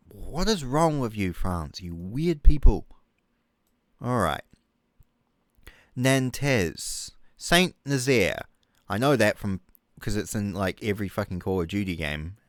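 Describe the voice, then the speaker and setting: A man from New Zealand with a lowish voice delivers a comedic rant over a map, exasperated and mocking, with plenty of swearing. He's a comedic YouTuber, recorded dry.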